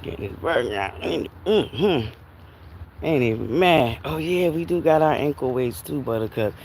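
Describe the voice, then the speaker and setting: Her pitch is extremely low and her pace a little slow as this woman chats on a livestream while walking by a river, a bit winded from the heat. Animated and quick to laugh, she calls her viewers Buttercups. Slight hiss or hum is present.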